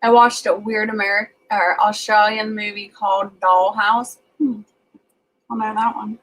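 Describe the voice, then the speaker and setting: A woman's voice: mid-range voice, flat delivery, measured pace, a little hiss or hum, low-quality recording. A woman with a Southern US accent, casually chatting on a livestream and reading out viewer comments as she rambles along.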